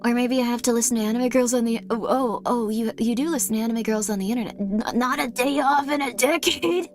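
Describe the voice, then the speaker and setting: A woman's voice: a little high, fast talker, faint music behind. A woman streamer chatting casually with viewers, rambling with many fillers.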